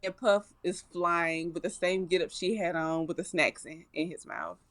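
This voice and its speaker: Animated woman retelling a cartoon. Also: on the low side, moderate pace. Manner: animated storyteller, acting out characters' lines. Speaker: podcast co-host. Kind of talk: casual retelling of a cartoon special.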